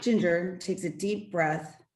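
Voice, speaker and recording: A woman narrating the stage directions of an amateur radio play in a plain, even manner. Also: lowish voice, takes it slowly.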